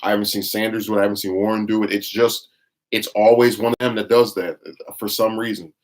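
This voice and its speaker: A livestream commentator with a fairly low, level voice talks quickly, reading chat during casual commentary. He's blunt, scornful and rambling, often restarting his sentences.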